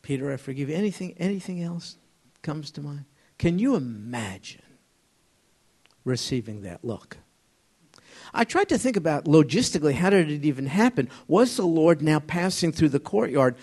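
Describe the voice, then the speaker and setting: Man, Bible study leader, somewhat high voice, animated and questioning, conversational with restarts. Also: breathy edge. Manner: conversational, asks the group questions; halting, restarts often. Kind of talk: informal Bible study teaching. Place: room with a small group.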